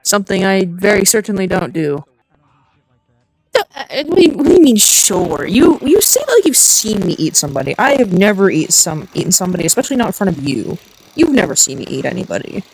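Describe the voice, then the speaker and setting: A game streamer chatting casually and excitably with viewers, rambling, joking and reacting out loud. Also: medium pitch, fairly quick, poor audio. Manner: excitable, rambling, jokey, talks to chat. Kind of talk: casual live-stream chatter while gaming.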